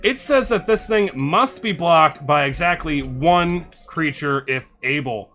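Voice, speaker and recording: A man's voice: fairly high pitch, expressive, fairly bright tone, faint music behind. A man streaming live, cheerfully reading out and chatting about viewer suggestions and thanking followers, talking into a desk microphone. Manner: enthusiastic, thanks followers, reads card text quickly. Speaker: streamer reviewing card suggestions. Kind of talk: casual live-stream chat.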